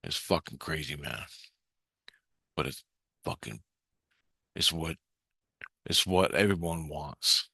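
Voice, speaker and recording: A man's voice: rumbling low, takes it slowly, gravelly, pauses often, sharp tone, husky, no echo, clean studio sound. A man rambling through a profane, intense monologue about his spiritual experiences.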